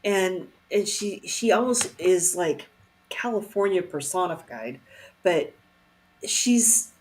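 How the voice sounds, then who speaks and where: A woman on a live movie-riffing panel, chatting casually and haltingly, with many fillers and restarts. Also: lowish voice, expressive, darkish tone, a little hiss or hum. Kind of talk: casual chat.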